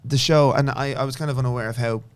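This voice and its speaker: A young man with an Irish accent, chatting casually as a singer-songwriter guest in an interview, often trailing off softly. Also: mid-range voice, fairly even intonation, quick pace, clear, resonant tone, no room sound. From Ireland.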